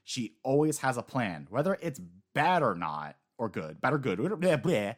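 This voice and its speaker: A man co-hosting a casual manga chat, rambling and animated, swearing now and then. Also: mid-range voice, moderate pace. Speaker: podcast co-host.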